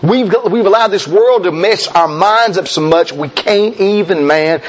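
A man's voice: moderate pace, lo-fi sound. Folksy emphatic preacher man. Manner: folksy, emphatic preaching, mimics objectors in a high voice. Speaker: pastor. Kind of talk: sermon.

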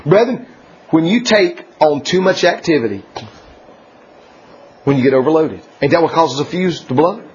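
A man preaching a folksy sermon, laughing often and swinging from loud declarations to hushed asides. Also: fairly high pitch, animated, normal speed, pauses often, husky. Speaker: pastor. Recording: dull lo-fi church recording.

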